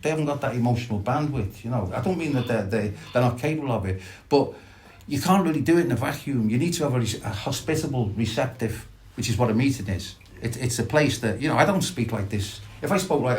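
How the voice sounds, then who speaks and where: A middle-aged man, sharing reflectively and haltingly at a recovery meeting, with many restarts. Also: medium pitch, slight background noise. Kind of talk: personal sharing at a support meeting.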